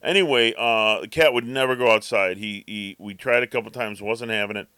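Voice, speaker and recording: A man's voice: fairly low pitch, brisk, pushed and bright, clean tone, dry recording. A man co-hosting a podcast, telling a rambling story in casual chat and acting out his cat's thoughts. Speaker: podcast co-host.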